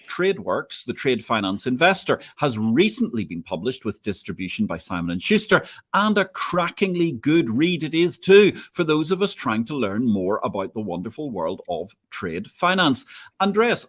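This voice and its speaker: A man's voice: mid-range voice, a bit bright, slightly rough. A man hosting a livestream interview, opinionated, wry and wordy. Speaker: host.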